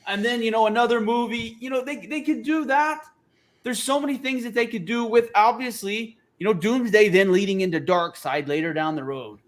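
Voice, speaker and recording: A man co-hosting a casual pop culture podcast, opinionated and profane in animated banter. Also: high-pitched, brisk. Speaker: podcast co-host. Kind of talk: casual chat.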